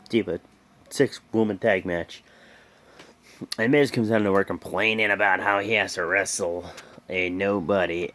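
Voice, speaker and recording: An excitable young man hosts a live reaction show. He rambles loosely, stumbling through fillers and restarts. His voice jumps up sharply whenever he gets worked up. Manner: excitable, jumps high when emphasizing. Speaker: host.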